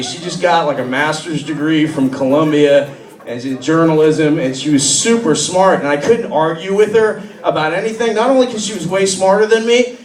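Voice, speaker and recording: A man doing a loose, rambling stand-up set in a comedy club, full of uhs and sudden loud character voices. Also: a little high. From New York. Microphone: handheld stage mic. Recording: echoey club recorded from far off. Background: laughing crowd.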